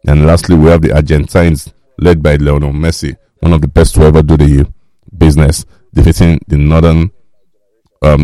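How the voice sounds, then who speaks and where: A Nigerian man hosts a radio talk show from the studio, his voice extremely low, dark and mellow. He talks through the news in a relaxed, wry way, pausing on fillers as he thinks aloud. The sound is close and dry. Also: no echo. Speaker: radio host.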